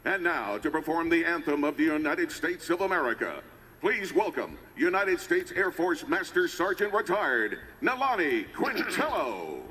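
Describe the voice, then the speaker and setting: Stadium pa guy making announcements, booming and drawn out, big echo, crowd murmur behind. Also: very animated, normal speed, bright, forceful tone, slight background noise. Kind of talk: formal public address announcement. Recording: echoey stadium PA heard from a broadcast.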